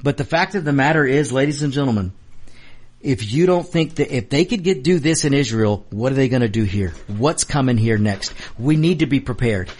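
A man's voice: medium pitch, lively intonation, normal speed, darkish tone. A man hosting a political commentary show, talking fervently and repetitively while addressing his audience directly.

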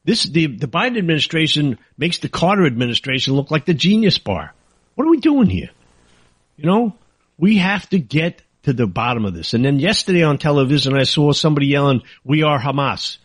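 A man's voice: on the high side, very animated, a little fast, breathy edge, no room sound. A man hosting a political talk show, ranting angrily and sarcastically in a monologue. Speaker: talk radio host.

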